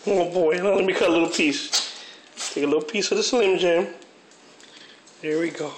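A man filming his puppy at home, playfully teasing it and narrating in a casual, excitable way. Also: high voice, normal speed, long pauses. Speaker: dog owner filming his pet. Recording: roomy home video with background noise.

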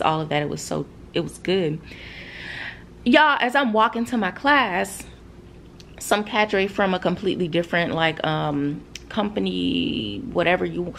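A woman's voice: on the low side, creaky, a little hiss or hum. A woman in her thirties, a soldier, telling an emotional story straight to her viewers, frank and profane and close to tears. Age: 30s. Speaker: soldier and vlogger. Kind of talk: candid storytime vlog.

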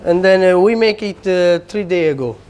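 A man's voice: high-pitched, lively intonation, moderate pace, a little mellow, smooth. A man with an Italian accent, a pizza chef and restaurant owner, speaking friendly, simple, broken English.

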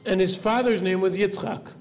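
A man's voice: sits high, fairly even intonation, moderate pace, a little hiss or hum. A man, a rabbi, teaching a classroom of students, explaining step by step, quizzing the class and checking in with "right?" after nearly every point. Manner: asks the class questions. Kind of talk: classroom lecture.

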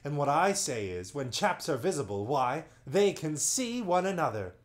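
A man's voice: a little high, very animated, moderate pace, pitched above the performer's own voice. A man playing the pompous monopod chief. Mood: boastful. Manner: loud, self-important. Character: pompous chief of the one-footed monopods, male.

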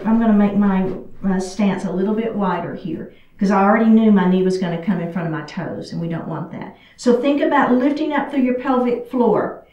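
A woman guides a chair yoga class in a fairly high voice, chatty and encouraging as she demonstrates the poses. She sounds a little out of breath. Her voice is caught from a distance in an echoey room. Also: a little mellow. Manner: encouraging, chatty, talks while moving. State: slightly out of breath. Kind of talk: guided exercise class instruction. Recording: echoey room, far from the mic.

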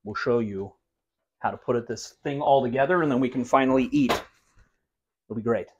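A man's voice: medium pitch, fairly quick, dull audio, noisy background. Joking man hosting a cooking vlog. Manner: joking, self-mocking asides while cooking. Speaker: cooking show host. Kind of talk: casual cooking vlog chat. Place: home kitchen.

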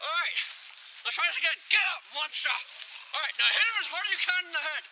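A man's voice: very high voice, expressive, fast talker, sharp tone, slight background noise, exaggerated voice, rough recording. A man playing a pompous 1950s film professor. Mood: lecturing. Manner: pompous lecturing, dramatic outbursts. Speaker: host of a mock instructional film. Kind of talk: 1950s educational film parody.

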